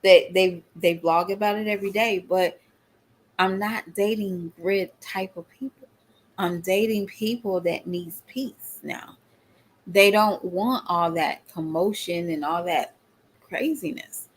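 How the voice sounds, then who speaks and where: A woman's voice: lowish voice, slow, a little hiss or hum. Chatty woman talking to viewers. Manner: chatty, addresses viewers as y'all, laughs often. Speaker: vlogger. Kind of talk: casual chat to viewers.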